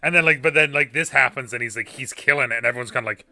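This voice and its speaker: A man co-hosting a casual podcast, recapping a show with plenty of hedging and filler words. His tone is strikingly bright and sharp, at an ordinary pitch for a man. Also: very fast, faint music behind. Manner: filler-heavy, hedging talk with many "like"s. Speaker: podcast co-host. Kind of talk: casual chat.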